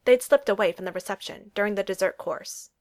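A woman reading a romance story aloud as an audiobook narrator. Her storytelling is steady and even, keeping a smooth, measured flow through the narration. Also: medium pitch.

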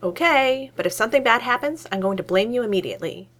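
Female reader voicing a hyper young male scientist, eager and loud, very lively pitch. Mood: excitable. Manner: rapid, excitable, voice shooting up.

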